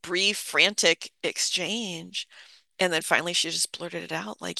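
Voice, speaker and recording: A person in their fifties recalls a memory in candid, halting speech with soft laughs here and there. The voice is bright and forward. The recording is close and dry, with no room sound. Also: mid-range voice, steady tone, vocal fry, dry recording. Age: 50s. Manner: halting, with fillers and restarts. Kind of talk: reflective personal storytelling.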